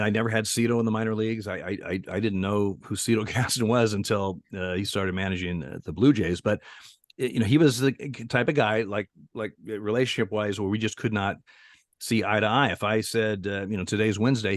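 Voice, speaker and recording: A man's voice: on the low side, no echo, clean studio sound. Chuckling older man telling stories. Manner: chuckling storyteller with many restarts. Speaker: retired baseball umpire, guest. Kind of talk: casual anecdote telling in an interview.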